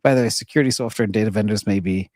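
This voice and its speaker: Male market-show host, lively and emphatic, voice going hoarse, close dry mic. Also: on the low side, very fast, no echo. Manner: lively, emphatic, chuckles between points. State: losing his voice. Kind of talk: casual market commentary.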